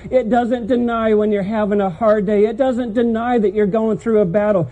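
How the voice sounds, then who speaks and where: A man with a very high, mellow voice preaches to his church. He tells a family story, then presses his points with emphatic, earnest delivery. His tone stays soft and rounded rather than sharp. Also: low-quality recording. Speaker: pastor. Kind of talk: sermon. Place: church service.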